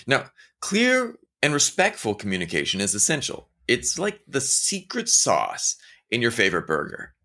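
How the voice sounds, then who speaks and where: A man in a casual motivational talk whose pitch jumps up and down as he tells stories. His tone is bright and forward, and he talks straight to the listener. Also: normal speed. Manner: animated storytelling, acting out quoted voices; conversational, addresses listener directly.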